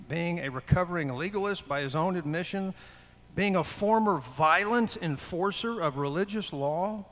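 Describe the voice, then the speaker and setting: A male preacher delivers a sermon in a high, gravelly voice. He keeps it conversational, often putting questions to his listeners. His voice carries a long reverb, as in a church hall. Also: a bit bright. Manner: conversational, asks the congregation questions.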